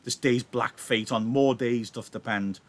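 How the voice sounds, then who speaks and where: A man's voice: medium pitch, fairly even intonation, a little slow, lightly acted. A man voicing a young male nobleman, ashamed and angry, declaiming his lines.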